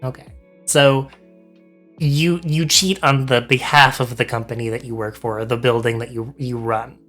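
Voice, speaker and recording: Host voice: bright and forward, chatty and halting, light music bed underneath. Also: mid-range voice, fairly even intonation. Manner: stammering, frequent restarts. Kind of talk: casual chat.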